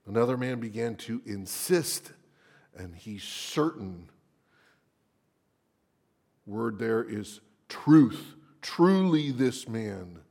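A man preaching a sermon dramatically, at times dropping into a hushed whisper for emphasis. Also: lowish voice, slow pace, long pauses.

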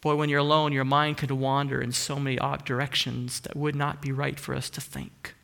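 A man preaching a sermon earnestly, asking rising emphatic questions and dropping into soft hushed asides. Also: medium pitch, little pitch movement, moderate pace, gravelly. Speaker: pastor.

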